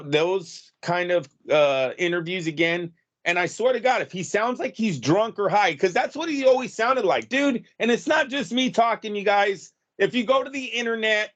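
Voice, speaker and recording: A man's voice: high voice, fairly bright tone. A man co-hosting a boxing podcast, talking bluntly and heatedly with plenty of swearing. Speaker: podcast co-host. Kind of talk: casual boxing talk.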